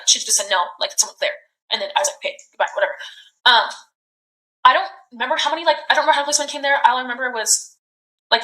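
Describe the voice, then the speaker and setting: A young woman in her twenties recounting events in a recorded police interview, talking in halting, rambling bursts full of "like". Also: on the high side, pushed and bright. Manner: halting, rambling, heavy use of "like". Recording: roomy echoey room.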